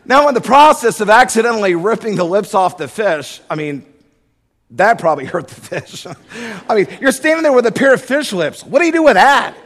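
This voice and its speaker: A middle-aged man preaching a sermon, telling a humorous story in an animated way before building to loud preaching. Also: high-pitched, a little fast. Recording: echoey hall with long reverb.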